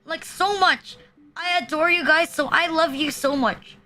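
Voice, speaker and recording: Bright, high-voiced young woman streamer. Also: unhurried. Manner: crude, rambling, filler-heavy, laughs often. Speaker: VTuber streamer. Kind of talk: casual live-stream chat.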